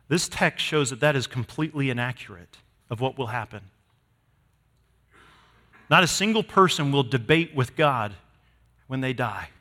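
A man preaching a sermon to his congregation, emphatic, swinging from loud declarations to hushed lines. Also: mid-range voice, expressive, normal speed, long pauses. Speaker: pastor. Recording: long hall reverb.

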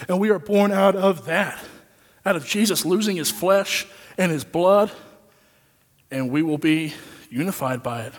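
A man preaching a sermon in an earnest way, repeating phrases for emphasis and swinging between loud and quiet. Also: sits high. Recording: long reverb of a large hall.

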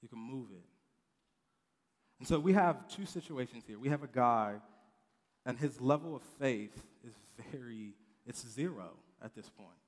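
A man's voice: medium pitch, lively intonation, a little slow. A man giving a casual, conversational sermon to a youth group, with frequent restarts and acted-out quotes. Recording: long reverb of a hall.

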